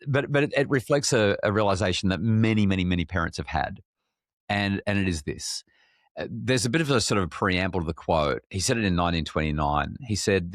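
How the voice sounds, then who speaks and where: A man's voice: sits low, no room sound, clean studio sound. A middle-aged man with an Australian accent, a parenting expert speaking candidly in a podcast interview, with frequent restarts. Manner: frank and self-deprecating, many restarts.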